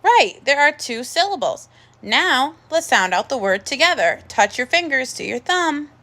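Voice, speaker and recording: A woman leads a recorded first grade phonics lesson. Her voice sits high and bright, with a lively, swooping pitch. She speaks slowly and encouragingly, sounding out each word carefully. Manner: slow, clear, encouraging teacher talk with drawn-out sounds.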